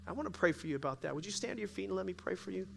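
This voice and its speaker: A man's voice: sits high, expressive, very fast, vocal fry, slight background noise. A middle-aged male pastor preaching in a church in a conversational style, often checking in with the audience. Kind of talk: sermon.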